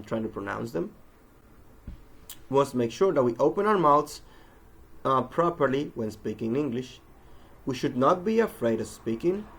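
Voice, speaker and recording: A man with a gravelly, fry-edged voice at an ordinary middle pitch teaches pronunciation. His instructional talk is measured and often pauses on um and uh. A faint hiss sits under his voice. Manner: measured, with frequent um and uh fillers.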